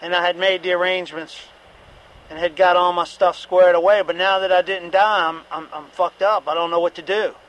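A man's voice: sits high, fairly even intonation, fairly quick, fairly bright tone, low-quality recording. A middle-aged man giving a candid, repetitive personal testimony at a recovery meeting, with occasional profanity.

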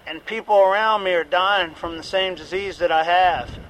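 A man's voice: high voice, moderate pace, a bit bright, low-quality recording. A middle-aged man giving a candid, repetitive personal testimony at a recovery meeting, with occasional profanity.

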